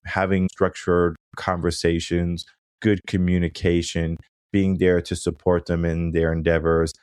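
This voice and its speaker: A man with a very low, deep voice talks through a solo coaching podcast in a loose, conversational way. He keeps tossing in "right?" to check in with the listener, and he brightens when acting out quoted lines. The sound is dry and close, with no room echo. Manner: casual, conversational, frequent "right?" tag questions. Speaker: podcast host and mindset coach.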